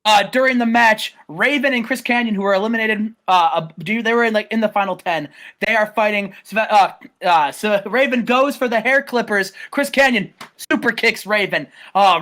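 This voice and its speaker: A man giving a casual, rambling play-by-play recap, stumbling over names and breaking into loud shouted quotes. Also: sits high, a little fast. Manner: excitable, rambling, many restarts, bursts into loud acted-out quotes. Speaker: host recapping a wrestling game simulation.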